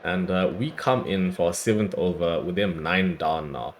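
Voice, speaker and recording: A man with a hoarse, worn-out voice giving chatty play-by-play commentary on his own cricket video game, breaking into excited cries at big moments. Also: low-pitched, normal speed, a little hiss or hum. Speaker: gaming YouTuber. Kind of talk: casual play-by-play gameplay commentary.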